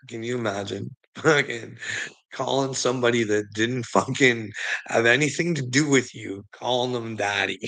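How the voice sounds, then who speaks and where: Gravelly, sharp-voiced man ranting on a livestream. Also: medium pitch. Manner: profane, laughs often, calls viewers bud. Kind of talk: casual livestream rant.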